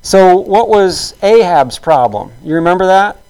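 A man's voice: high-pitched, expressive, measured pace, a little mellow, clear, resonant tone, poor audio. A man preaching a sermon in a conversational, storytelling way, acting out the quotes of the people in the story.

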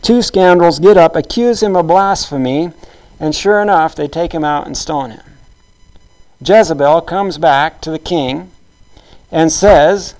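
A man's voice: fairly high pitch, a little slow, a little mellow, poor audio. A man preaching a sermon in a conversational, storytelling way, acting out the quotes of the people in the story.

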